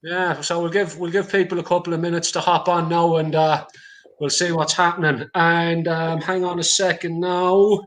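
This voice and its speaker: A man's voice: fairly high pitch, flat delivery, moderate pace, fairly bright tone. An Irish man with a County Clare accent hosting a casual livestream, chatty and reading out viewer comments with casual swearing. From Ireland. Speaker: livestream host.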